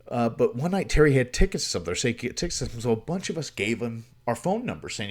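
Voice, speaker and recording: A man's voice: mid-range voice, big pitch swings, racing, hardly any pauses. A man hosting a livestream, telling a story casually and at length, with swearing and many fillers. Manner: rambling, profane, with many fillers. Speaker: livestream host.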